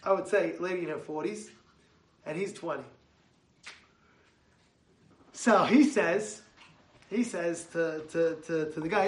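A man's voice: fairly high pitch, a little fast, long pauses. A man giving a casual Torah talk to a congregation, telling stories and acting out quotes with a raised voice. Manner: animated, acts out quotes with raised voice. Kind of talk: casual sermon with storytelling. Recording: echoey room from far off.

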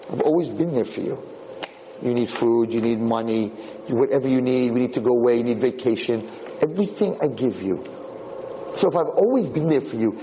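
Animated man giving a Torah class. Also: medium pitch, slight background noise. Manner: animated, emphatic, acts out quotes. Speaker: Torah lecturer. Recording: reverberant hall.

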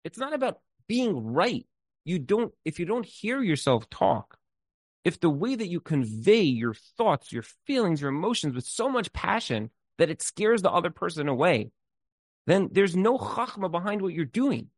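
A man's voice: high voice, very animated, moderate pace, no room sound. A man giving relationship advice in an informal talk, speaking earnestly and emphatically, repeating words as he thinks and mixing in Hebrew terms. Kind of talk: informal spoken talk with storytelling.

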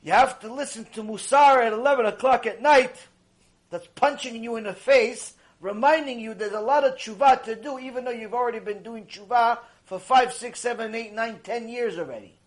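High-voiced man giving a fiery Torah lecture. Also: moderate pace. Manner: impassioned, exhorting, big swings between hushed and loud. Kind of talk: mussar lecture.

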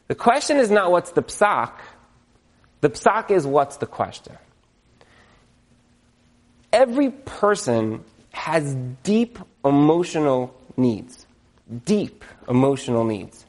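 A man giving a humorous religious lecture in front of an audience. He is animated, jokes, checks in with the listeners, and uses Jewish religious terms. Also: fairly high pitch, takes it slowly, pauses often. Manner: animated, joking, asks the audience questions. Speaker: speaker giving a talk to an audience.

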